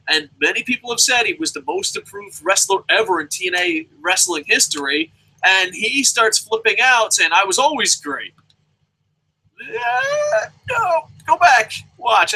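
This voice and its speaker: A man's voice: sits high, pushed and bright, breathy edge, poor audio. A young adult man ranting through a profane wrestling review, swearing nonstop and mocking the people he talks about. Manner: swears constantly, rants, mimics people mockingly.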